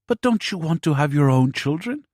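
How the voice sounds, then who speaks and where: A man voicing an emotional, excitable older mother who speaks in fretful exclamations. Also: on the high side, moderate pace, dry recording, studio quality, pitched above the performer's own voice.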